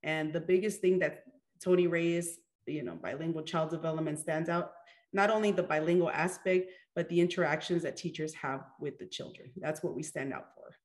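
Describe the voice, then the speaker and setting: A woman's voice: low-pitched, normal speed, a little mellow. A woman in her forties, a children's program director, talking in a rambling way with lots of fillers and restarts. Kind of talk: casual interview chat.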